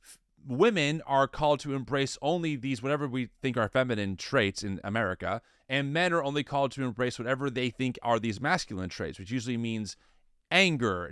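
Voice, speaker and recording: A man in his thirties co-hosting a casual commentary podcast, animated and incredulous, often restarting his sentences. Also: mid-range voice, fairly quick, clear, resonant tone, no room sound, studio quality. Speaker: podcast co-host.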